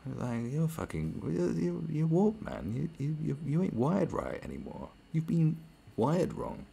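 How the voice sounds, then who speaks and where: British male podcast host with a low, dark, gravelly voice, ranting sarcastically and swearing. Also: huge pitch swings, a little slow. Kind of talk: podcast monologue.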